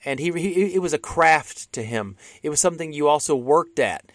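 A man's voice: a little high, lively intonation, normal speed, no room sound, studio quality. Chatty man discussing old films. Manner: rambling with frequent restarts. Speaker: podcast co-host. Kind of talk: casual film discussion.

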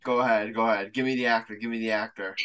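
A man hosting a casual podcast, playful and quick to egg his co-hosts on. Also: on the low side, steady tone, a bit bright, smooth. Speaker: podcast host. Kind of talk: casual chat.

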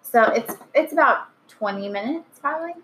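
A woman's voice: sits high, expressive, normal speed, noisy background. Earnest chatty woman guest. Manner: earnest, chatty storyteller with frequent "um". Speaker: podcast guest. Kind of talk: casual podcast chat.

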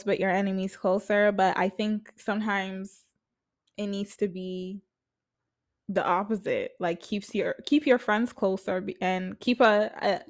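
A young woman chats through celebrity gossip from her apartment. She is blunt and freely profane, and her speech is full of fillers. Her pitch sits in a middle range. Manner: chatty, blunt, profane, lots of filler words. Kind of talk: casual gossip commentary.

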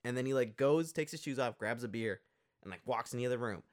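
A man's voice: medium pitch, quick pace. Man recapping a film in casual chat, quoting characters as he goes. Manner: retells scenes by quoting characters, lively.

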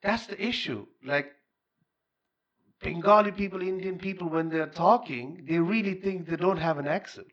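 Bangladeshi guy hosting a podcast, slangy and animated, lots of laughs, kinda muffled audio. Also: high-pitched, moderate pace, husky. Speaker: podcast host. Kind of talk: casual chat.

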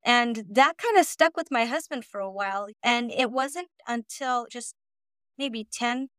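A woman co-hosts a casual podcast, talking in an earnest and reflective way. Her voice is smooth and a bit high. The recording is dry and close. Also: fairly bright tone, no room sound. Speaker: podcast co-host. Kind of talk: casual chat.

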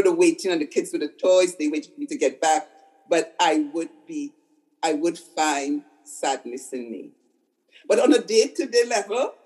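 A fairly low-pitched, slightly mellow voice belongs to an older woman, a psychotherapist guest, telling stories in conversation. She repeats words to emphasize points, and the recording quality is low.

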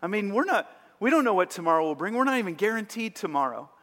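A man's voice: sits high, big pitch swings, fast, a bit bright. A man preaching a sermon as pastor, earnest and emphatic, with rising bursts of energy. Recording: long hall reverb.

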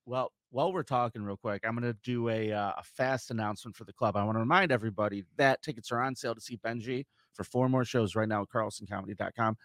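A man's voice: medium pitch, quick pace, hardly any pauses, fairly bright tone. A man with an ordinary mid-range voice hosts a comedy interview. He asks eager questions and echoes the guest's points in disbelief. The sound is close and dry. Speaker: comedy club host interviewer. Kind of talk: casual interview.

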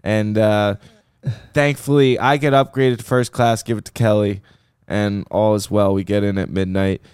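A man hosting a casual podcast chat, telling a story with lively quoted voices. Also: on the low side, normal speed, clean tone, no echo, studio quality. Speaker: podcast host.

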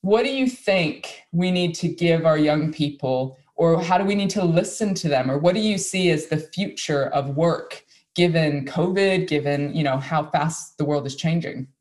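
Interview host, chatty, lively, anecdotal, conversational. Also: medium pitch, normal speed. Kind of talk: casual interview talk.

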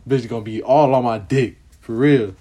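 On a vlog, a young man with a mellow, mid-range voice chats casually at a moderate pace, answering questions in a slangy, profane, rambling way and mentioning that he's putting on an accent.

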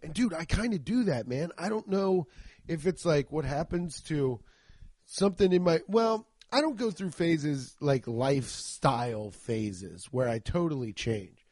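A man's voice: on the high side, lively intonation, unhurried, darkish tone, dry recording, studio quality. A young man from the Cincinnati area hosting a podcast, rambling and joking with plenty of profanity. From Cincinnati area, Ohio. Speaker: podcast host. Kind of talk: casual comedic podcast monologue.

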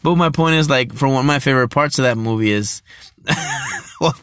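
A man's voice: mid-range voice, fast, fairly bright tone, no room sound, studio quality. A young man in casual talk about movies, rambling, laughing often and swearing loosely as he records on his phone. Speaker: vlogger.

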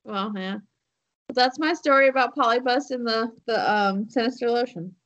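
A woman's voice: fairly high pitch, normal speed, a bit bright, muffled recording. A woman co-hosting a podcast, telling a story in casual chat with lots of fillers and laughs. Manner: rambling with many fillers and laughs. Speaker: podcast co-host.

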